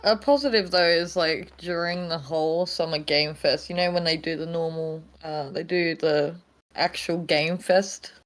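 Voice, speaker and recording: A woman co-hosting a podcast chats casually in a laid-back way, often hedging with "like." Her voice sits low with a steady tone and a moderate pace, and the recording is rough.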